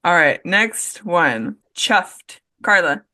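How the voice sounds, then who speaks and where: A woman hosting a casual trivia podcast with friends, playful and quick to laugh. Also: fairly low pitch, big pitch swings, bright, forceful tone, dry recording, clean studio sound. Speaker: host.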